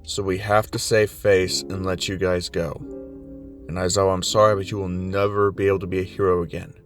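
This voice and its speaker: Male narrator doing a remorseful, formal school head, low-pitched. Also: flat delivery, brisk, faint music behind, natural voice. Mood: regretful. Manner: formal, apologetic. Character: apologetic male school principal.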